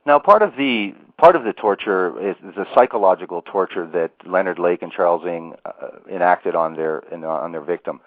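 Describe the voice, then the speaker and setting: A man's voice: low voice, normal speed, few pauses, dry recording. A man hosting an interview, asking long questions with restarts. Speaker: interview host. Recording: tinny phone line.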